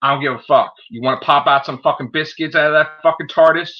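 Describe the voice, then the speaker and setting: Hosting his own live stream, a man rants angrily, swearing nonstop and tacking "okay?" onto his points. His voice is fairly high and steady, moving at a quick pace, and the stream audio sounds dull and lo-fi.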